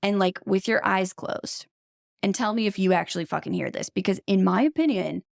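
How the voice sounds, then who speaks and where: A woman's voice: mid-range voice, a little fast, creaky, no room sound, studio quality. A woman hosting a true-crime podcast in casual chat. She is blunt and opinionated and swears freely. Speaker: podcast host.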